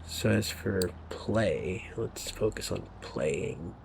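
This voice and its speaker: A man's voice: deep voice, expressive, slow pace, vocal fry, a little hiss or hum. A man giving rambling, casual commentary over gameplay, sometimes dropping to a near whisper. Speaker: gaming video creator.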